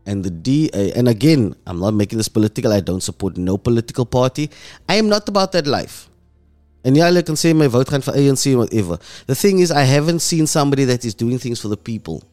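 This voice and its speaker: A man with a South African accent hosting an emotional commentary monologue, impassioned and dropping low and soft when moved. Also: lively intonation, quick pace, faint music behind. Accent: South African English. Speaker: host.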